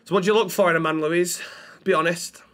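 A role-play streamer from Manchester, England, speaks with a Mancunian accent, trading cheeky, sweary, in-character banter and calling people "love." His voice is high and fairly bright, fast, with fairly even intonation.

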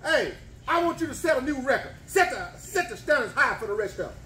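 A man loudly cheering on an eating challenge in a restaurant, whooping and repeating himself. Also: extremely high pitch, a little fast, distant mic, slight background noise. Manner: excited, repetitive hollering and whooping. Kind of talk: loud cheering commentary. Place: bar and grill dining room. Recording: echoey restaurant room.

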